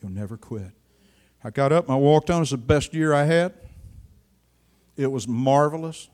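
An older male preacher with a high-pitched voice delivering a sermon. He tells a personal story dramatically, dropping to a hush and then surging loud. His delivery is lively and emotional. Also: normal speed, clear, resonant tone. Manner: dramatic storytelling with sharp swings in loudness.

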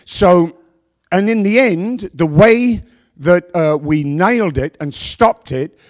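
A middle-aged man preaching a sermon to a congregation on a handheld microphone, with a worn voice, asking rhetorical questions and pausing for effect. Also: high voice, lively intonation. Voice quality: voice worn from past yelling. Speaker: pastor.

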